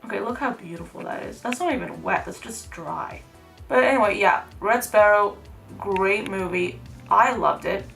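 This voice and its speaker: Young female beauty vlogger, gravelly fry, chatty and rambling, with soft music behind. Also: medium pitch, moderate pace. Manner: chatty, rambling, heavy use of "like". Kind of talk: casual makeup tutorial chat.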